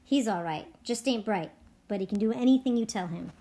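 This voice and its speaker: A woman reading aloud, voicing a wary, protective farmhand who speaks in quick, defensive, folksy sentences. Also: medium pitch, warm tone, lightly acted. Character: wary, protective itinerant farmhand, adult man.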